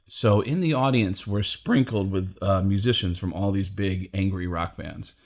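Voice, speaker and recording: A man's voice: deep voice, normal speed. A male stand-up comedian telling a story in casual chat, acting out the quotes and swearing freely.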